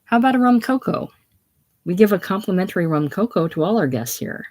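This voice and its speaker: A reader voicing a worldly woman who runs a hotel, coaxing and soothing in a lowered voice. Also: animated, fairly quick, darkish tone, natural voice. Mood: hospitable.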